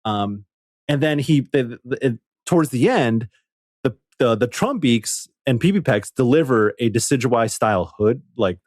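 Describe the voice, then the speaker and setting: A man co-hosting a podcast, telling a story in an excitable, animated way and swearing casually. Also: mid-range voice, measured pace, no echo, clean studio sound. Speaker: podcast co-host. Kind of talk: casual chat.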